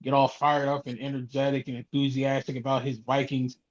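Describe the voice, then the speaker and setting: A man returning to a sports podcast panel, greeting the others in a relaxed, friendly way. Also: mid-range voice, fairly quick, lo-fi sound. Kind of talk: casual sports chat.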